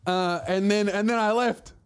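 Man, comedy podcast host, rambling and teasing, slightly raised pitch. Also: fairly even intonation, moderate pace, smooth. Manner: rambling storyteller, swears freely, dry teasing. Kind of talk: casual comedic chat.

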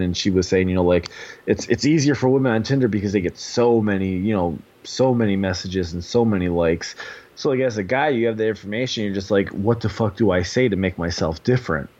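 A man in his thirties talks in a loose, rambling way, packing his sentences with fillers and swearing. His voice sits on the low side. The recording is dull and lo-fi. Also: darkish tone. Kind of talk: casual podcast chat.

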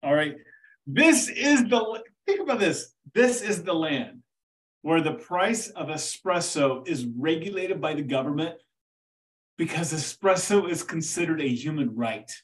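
A man teaching history in a loose, talkative monologue, circling back with "right?" and "okay" as he goes. His voice sits a little high for a man. He sounds set back from the microphone. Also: a little slow, recorded from a distance, low-quality recording. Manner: animated, rambling, full of "right?" and "okay". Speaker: teacher hosting a history podcast. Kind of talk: casual explanatory monologue.

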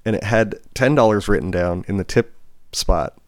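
A man with a lowish voice, chatting casually on a podcast. He tells stories from his bar job in an animated way and mimics the people he quotes. The sound is dry and close. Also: normal speed, no echo. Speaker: podcast co-host; bartender. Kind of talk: casual chat.

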